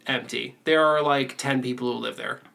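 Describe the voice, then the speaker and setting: A man's voice: mid-range voice, steady tone, moderate pace, creaky, bright, forceful tone. A man co-hosting a podcast in casual chat, joking and slipping into put-on accents. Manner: jokey, bursts into put-on accents. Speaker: podcast co-host.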